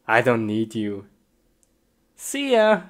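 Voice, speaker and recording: A woman performing a comedy skit in an excitable way, with frequent yelps and laughter. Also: very deep voice, drawn-out words. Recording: noisy recording.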